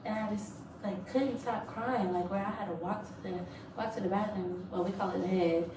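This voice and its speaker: A woman's voice: medium pitch, steady tone, moderate pace, recorded from a distance. A young woman telling a casual, frank story to camera, full of "like" and "um" and free swearing. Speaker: Navy recruit sharing her boot camp experience. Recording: echoey room, voice off-mic, clear background noise.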